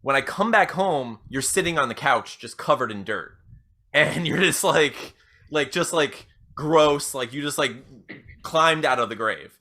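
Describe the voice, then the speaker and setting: A young man co-hosting a podcast, riffing loosely through a comedy pitch. His voice is bright and a little high, and he keeps acting out quoted lines with big leaps in pitch. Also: expressive, a little slow. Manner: rambling, acts out quotes with jumps in pitch. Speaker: podcast co-host.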